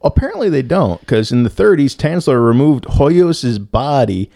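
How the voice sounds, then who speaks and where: A man's voice: mid-range voice, very animated, moderate pace, gravelly, mellow, no echo, clean studio sound. A young man hosting a casual true-crime podcast, joking and swearing as he tells the story. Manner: joking, profane, playful, breaks into silly singing. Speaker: podcast host.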